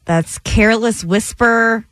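A woman's voice: a little high, slow pace. A woman co-hosting a radio show, chatty in casual banter. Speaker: radio co-host. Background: loud pop music.

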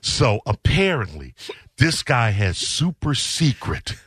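A man tells a story on his radio show in an animated, sarcastic way and reads out tweets in mocking voices. His voice is bright and swings widely in pitch. The sound is dry and close to the mic. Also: slow, breathy edge, no echo. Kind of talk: casual talk-radio storytelling.

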